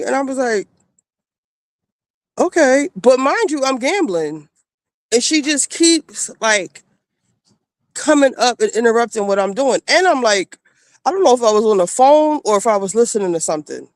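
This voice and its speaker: A woman's voice: a little high, dry recording. Woman streamer ranting casually, blunt, does the voices, dry close sound. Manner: blunt, animated, acts out quoted people. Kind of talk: casual storytelling.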